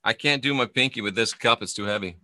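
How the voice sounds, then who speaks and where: A man's voice: medium pitch, fast, pushed and bright, dry recording. A middle-aged man, a spiritual teacher and former minister, delivering an emphatic monologue full of repetition and rhetorical questions. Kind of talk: preaching-style video monologue.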